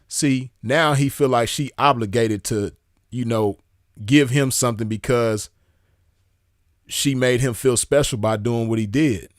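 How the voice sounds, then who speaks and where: A man's voice: medium pitch, measured pace, no echo, clean studio sound. A man giving casual commentary, laid-back and slangy, often checking in with the listener. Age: adult with a child. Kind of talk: casual commentary reading messages aloud.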